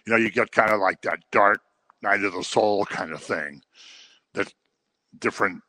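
A man's voice: fairly low pitch, moderate pace, pauses often, bright, forceful tone, dry recording. A man teaching the Bible in a conversational way, telling the stories and acting out the people he quotes. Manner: informal, with fillers and restarts. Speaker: preacher.

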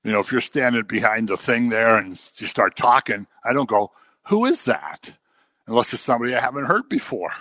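Bright, jokey male preacher. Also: mid-range voice, fast, few pauses, no echo. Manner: jokey, animated preaching with acted-out quotes. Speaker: pastor. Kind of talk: sermon.

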